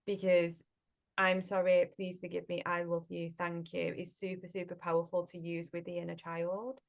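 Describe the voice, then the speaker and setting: A woman healing coach in a casual podcast chat, speaking gently and reassuringly and often checking in with "right?". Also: fairly low pitch, completely flat delivery, normal speed, gravelly.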